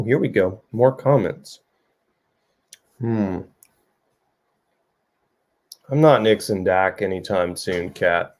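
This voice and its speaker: This middle-aged author runs a livestream in a loose, joking style, reading out comments from his viewers. His voice is lowish and smooth, with a somewhat dark tone.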